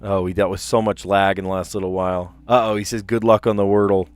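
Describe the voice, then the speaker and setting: A man's voice: low-pitched, little pitch movement, fast talker, clear, resonant tone, dry recording. A man hosting a casual livestream, reading puzzle clues aloud and drifting into chatty, amused asides. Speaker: livestream host solving word puzzles.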